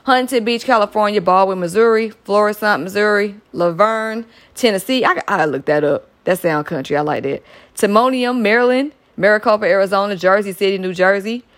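A young woman hosting her own podcast, chatting upbeat shout-outs to listeners. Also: mid-range voice, fairly quick. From Metro Atlanta, US South. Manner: chatty and upbeat, with frequent "y'all" and laughs. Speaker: podcast host.

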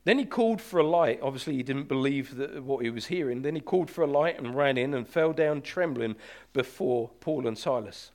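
Urgent and emphatic, this man delivers a sermon as a pastor, his mid-range voice expressive as he draws out important words slowly to give them weight.

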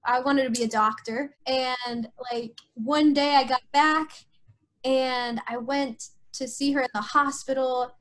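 A young woman with a high, light voice tells a personal story in loose, casual talk. She strings thoughts together with many fillers and restarts, and her voice sinks quiet and low when the memories turn sad. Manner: frequent filler "like", trailing restarts; voice drops low and soft in sad moments. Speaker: guest sharing a personal story.

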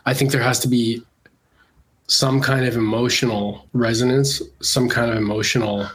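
A man's voice: mid-range voice, fairly even intonation, normal speed, a bit bright. A Canadian-born illustrator, a man with a congested voice from a cold, talking casually and hesitantly with many fillers in an interview. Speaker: illustrator guest.

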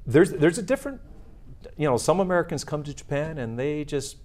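A man's voice: fairly high pitch, expressive, fairly quick, darkish tone. A middle-aged man, a retired Marine, talking casually in an interview with many fillers and restarts.

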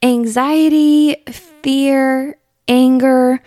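A woman's voice: sits high, fairly even intonation, extremely slow, warm tone, dry recording. A young adult woman co-hosting a casual faith podcast, earnest, laughing often and acting out quoted prayers. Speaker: podcast co-host.

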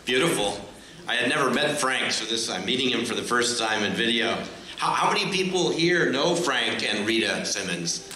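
A man talks at a conversational panel, appreciative, with a few small restarts. His voice sits in a middle range. The event hall echoes strongly, and clear background noise runs under his voice. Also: mid-range voice, animated, normal speed.

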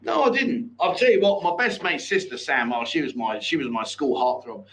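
A man hosts a loose, casual chat show. He tells stories with a grin in his voice and trades cheeky banter. His voice sits a touch higher than most men's. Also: lively intonation, fairly quick, a bit bright, poor audio. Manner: chatty, laughing storyteller with cheeky banter. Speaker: host.

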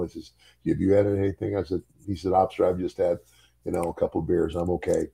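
A man's voice: low voice, level tone, quick pace, vocal fry, dark tone, husky. An older man and former wrestler telling a story in casual chat, chuckling often and repeating words as he goes.

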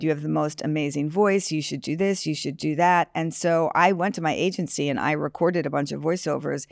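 A woman's voice: low voice, dry recording, studio quality. A woman from New York, a podcast guest talking candidly and expressively in casual chat.

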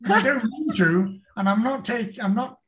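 A man's voice: high-pitched, normal speed, a bit bright. An older man with a British accent, an author chatting casually in an interview, rambling and often restarting his sentences. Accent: British English. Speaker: author, guest.

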